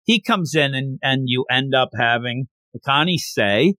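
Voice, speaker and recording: A man casually recapping a manga story, animated and acting out the characters' lines as he goes. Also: medium pitch, measured pace, hardly any pauses, no room sound, clean studio sound.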